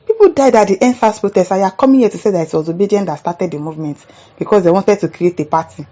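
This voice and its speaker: Indignant Nigerian woman ranting, mellow voice. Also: mid-range voice, very fast, muffled recording. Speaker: commentary show host. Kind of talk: reading out and reacting to viewer comments.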